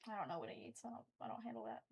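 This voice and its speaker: A woman friend bantering casually, spinning deadpan absurd jokes. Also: a little high, racing, creaky, husky.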